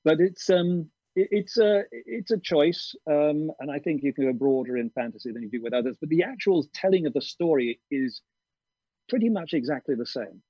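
Husky man with dull, lo-fi sound. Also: fairly high pitch, normal speed, no echo. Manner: thoughtful, hesitant, with many ums and restarts. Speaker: audiobook narrator. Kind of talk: interview over video call. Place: garden studio shed.

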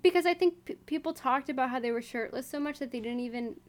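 A woman's voice: sits high, quick pace. A woman co-hosting a casual book chat, reasoning things through and quoting passages. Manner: thoughtful, laughs easily, reads quotes aloud. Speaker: co-host of a book discussion.

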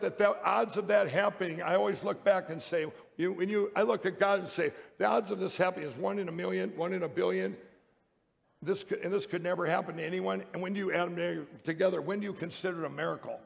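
Heard through long hall reverb, this man's high-pitched voice has vocal fry. He's a public speaker addressing an audience with an emphatic, rambling story full of restarts.

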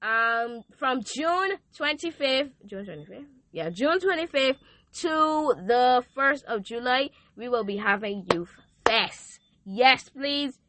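Young woman, youth podcast host, tense bright tone, dry close sound. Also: medium pitch, no echo. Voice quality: lively, preachy and playful. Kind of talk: casual podcast chat with prayer.

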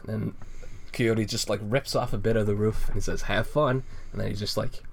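A man's voice: fairly low pitch, fairly even intonation, moderate pace, creaky, slight background noise. A man co-hosting a casual podcast, rambling and laid-back, swearing and laughing often as he walks through a comic. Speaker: podcast co-host reviewing a comic. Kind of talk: casual chat.

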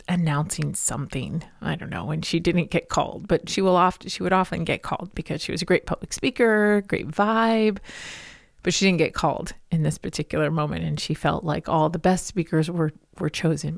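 Brief: woman podcast host, heartfelt storyteller, gravelly lower voice, dry close sound. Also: moderate pace, no room sound. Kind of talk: spiritual podcast monologue.

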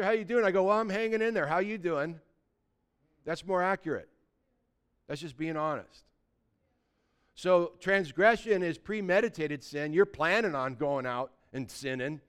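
A man's voice: high voice, clear, resonant tone. A male pastor preaching a sermon in a conversational way, acting out little everyday dialogues.

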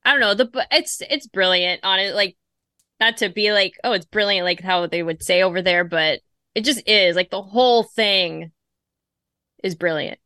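Woman, podcast co-host, bright forceful voice, gushing casual chat, dry sound. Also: medium pitch, dry recording. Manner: chatty, quick interjections, gushing.

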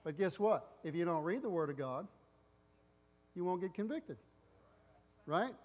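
A male pastor giving a sermon full of personal stories. He rambles and loses his place, acting out loud family voices along the way. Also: high voice, expressive, measured pace, long reverb tail.

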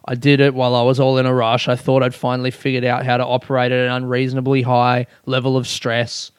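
A man's voice: mid-range voice, completely flat delivery, quick pace, clean tone, no room sound, clean studio sound. A man hosting a casual solo podcast, rambling and self-mocking, with frequent swearing. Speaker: podcast host.

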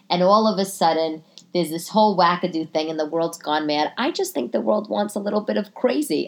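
Alone in her living room, a podcast host with a lowish voice talks into her computer microphone. She delivers a rambling, profane comedic monologue, mocking herself and restarting often.

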